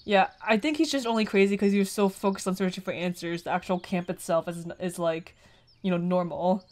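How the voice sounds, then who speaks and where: A woman's voice: lowish voice, brisk, a little mellow. A young woman casually commenting on a visual novel game she is playing, rambling and swearing freely. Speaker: let's play gamer.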